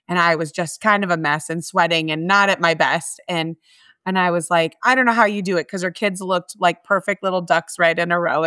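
A woman's voice: fairly low pitch, fairly bright tone, clear, resonant tone, no room sound, clean studio sound. A middle-aged woman being interviewed about her work at a mission, talking in an earnest, heartfelt way with frequent restarts. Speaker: guest, homeless mission staff. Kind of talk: conversational interview.

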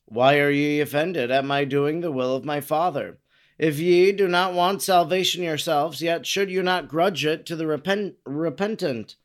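Man reading earnest male healer, stern, solemn, slow rhetorical questions, slightly high voice. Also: lightly acted. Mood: admonishing. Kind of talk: dramatic reading of dialogue.

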